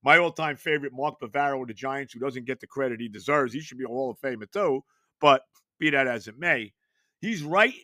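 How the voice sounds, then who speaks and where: A man's voice: mid-range voice, lively intonation, brisk, bright, forceful tone, no echo, clean studio sound. A man in his later years hosting a sports podcast, talking casually and with emphasis, often asking rhetorical questions. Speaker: podcast host.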